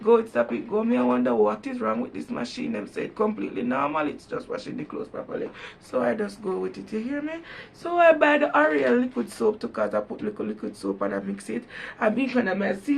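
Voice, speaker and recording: A woman's voice: a little high, lively intonation, brisk, creaky. A Jamaican woman vlogger chatting casually and emphatically, talking straight to her viewers. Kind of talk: casual chat.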